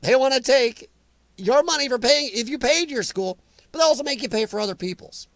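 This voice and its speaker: A man's voice: very high voice, animated, a little fast, a bit bright, no echo. An American man hosting a live chat, rambling and emphatic as he answers viewers by name. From United States. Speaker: livestream chat host. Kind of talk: casual opinionated live chat.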